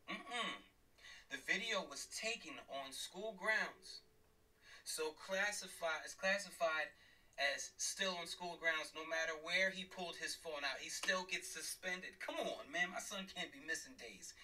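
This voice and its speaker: A man's voice: on the high side, measured pace, pushed and bright, far from the mic, rough recording. A middle-aged man, a father and former police officer, ranting angrily and bluntly while driving, swearing and repeating himself for emphasis. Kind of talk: heated livestream rant. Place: in a car, driving.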